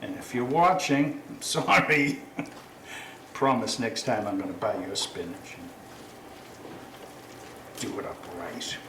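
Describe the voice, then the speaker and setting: A man's voice: mid-range voice, lively intonation, takes it slowly, pauses often, reverberant, noisy background. A man hosting a casual cooking demonstration, chatty and self-correcting, with apologetic asides. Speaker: cooking show host.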